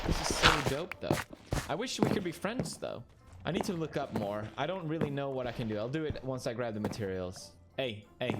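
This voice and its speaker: A young man streaming a game, giving playful, jokey commentary and talking to the characters on screen. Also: mid-range voice. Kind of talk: gameplay commentary.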